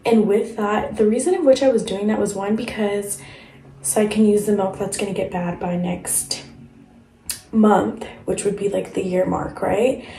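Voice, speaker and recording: A woman's voice: medium pitch, steady tone, moderate pace, warm tone, reverberant, rough recording. A young woman vlogging at home late at night in a casual, chatty way, saying "like" a lot. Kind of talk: casual vlog chat.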